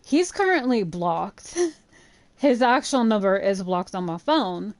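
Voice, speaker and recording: A woman in a middle pitch rambles through a story over gameplay. She is animated and profane, and says "like" constantly. Her voice is close and dry, with no room sound. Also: takes it slowly, no room sound. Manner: chatty, profane, animated retelling with frequent "like". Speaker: gaming channel host.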